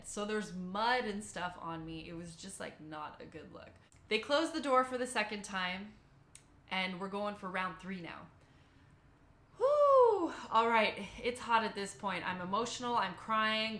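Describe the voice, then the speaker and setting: A young woman recounts a personal experience to her viewers, bright and forceful in tone. She tells it animatedly and emotionally, acting out her own inner thoughts. The recording has a noticeable roomy echo. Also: mid-range voice. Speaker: vlogger. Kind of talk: personal storytelling.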